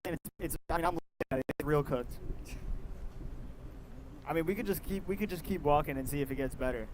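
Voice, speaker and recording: A man live-streaming from a city street, chatting casually in relaxed slang. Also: a little high, quick pace. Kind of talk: casual street livestream chat. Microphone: portable streaming mic. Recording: street traffic noise. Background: street traffic noise.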